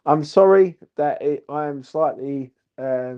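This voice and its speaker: A man's voice: on the high side, unhurried, clean tone, highs cut off. A drunk man, rambling and swearing through a post-match reaction vlog as the channel's host. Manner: rambling, sweary, repeats "do you know what I mean". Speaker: football fan channel host.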